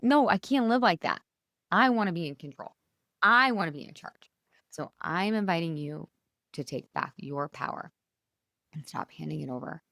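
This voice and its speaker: A middle-aged woman coaches her listeners through a solo podcast, chatty and keen. Her voice sits a little low for a woman. The recording is close and dry, with no room around it. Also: vocal fry, fairly bright tone, no echo. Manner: enthusiastic, chatty, direct to listeners. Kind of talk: solo motivational podcast talk.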